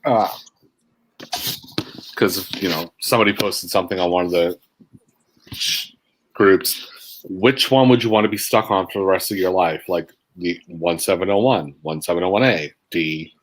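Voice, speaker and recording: A man's voice: sits low, normal speed, pauses often, noisy background. A man joking and chatting with enthusiasm in a casual group talk. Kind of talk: casual chat.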